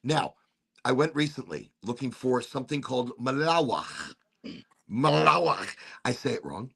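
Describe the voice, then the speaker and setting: A man hosting a casual podcast chat, telling stories in an animated way and swearing freely. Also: mid-range voice, fairly quick, vocal fry, husky. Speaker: podcast host.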